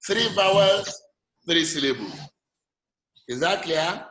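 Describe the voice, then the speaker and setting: Man, Nigerian English accent, bright forceful voice, fairly high, echoey room with faint hiss. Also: expressive, takes it slowly. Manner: patient, checks often that students follow. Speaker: lecturer. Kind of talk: online class teaching with call and response.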